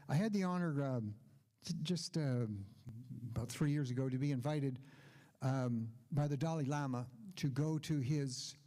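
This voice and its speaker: A man's voice: a little high, moderate pace, warm tone. An older man giving a conference keynote speech, telling stories with asides. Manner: anecdotal storytelling with asides. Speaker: keynote speaker.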